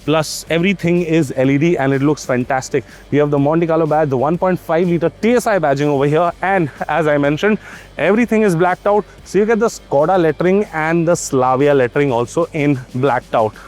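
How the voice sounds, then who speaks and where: A man's voice: fairly high pitch, a little fast, a little mellow, soft background music. A man reviewing a car on the spot, chatty, pointing out details with frequent fillers. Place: at a parked car, on site.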